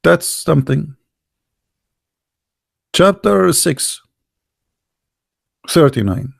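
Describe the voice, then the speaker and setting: A man with a somewhat high voice gives sarcastic, incredulous commentary in English, which is his second language. He sounds close to the mic, and the sound is dry. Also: lively intonation, extremely slow, creaky, breathy edge, no echo. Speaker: online religion critic. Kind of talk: mocking commentary on a text.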